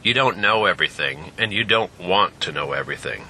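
A man's voice: sits low, expressive, brisk, sharp tone, slight background noise, full character voice, poor audio. Commanding male leader, read by the narrator; curt, clipped orders. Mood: firm. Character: commanding man leading the group.

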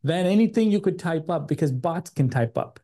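A man with an American accent from Chicago, an energetic and enthusiastic podcast guest. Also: fairly high pitch, normal speed. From United States. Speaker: guest, agency CEO. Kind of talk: podcast interview.

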